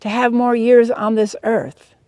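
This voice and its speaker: Brief: woman reading as a frightened, pleading cartoon pig, pitched up, soft and mellow tone. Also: little pitch movement, a little slow, no echo, muffled recording, natural voice. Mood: anxious. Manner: pleading, worried. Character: fearful anxious cartoon pig.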